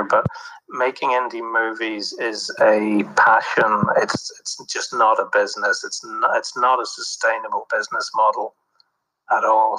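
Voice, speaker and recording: A man's voice: fairly low pitch, pushed and bright, rough recording. A man, a film producer, recounts set stories in an interview, thoughtful and full of fillers. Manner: reflective, with many fillers and restarts. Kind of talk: anecdotal interview talk.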